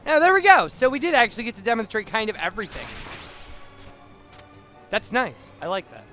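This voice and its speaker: Bright-voiced man chatting over gameplay. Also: high voice. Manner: chatty, laughs often. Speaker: gaming video host. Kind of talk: casual gameplay commentary.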